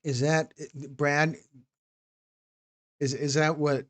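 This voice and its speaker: A man's voice: mid-range voice, little pitch movement, moderate pace. A man hosting a live stream, chatting casually with viewers by name and often restarting his phrases. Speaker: documentary host answering live chat.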